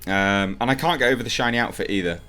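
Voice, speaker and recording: A man's voice: lowish voice, fast talker, pushed and bright, soft background music. A man reviewing a movie trailer in casual reaction commentary, opinionated and rambling as he thinks aloud with frequent ums.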